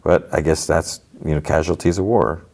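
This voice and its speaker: A man's voice: extremely low pitch, fairly even intonation, normal speed, vocal fry, darkish tone. A man hosting a podcast, casually recapping a TV episode in a rambling way, full of "like" and acted-out quotes. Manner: rambling, filler-heavy retelling with quoted lines. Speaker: podcast host.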